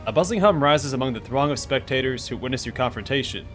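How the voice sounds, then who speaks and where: A man's voice: medium pitch, expressive, fast talker. A man hosting a let's play, reading out game text and reacting to his dice rolls in a wry, joking way. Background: faint music.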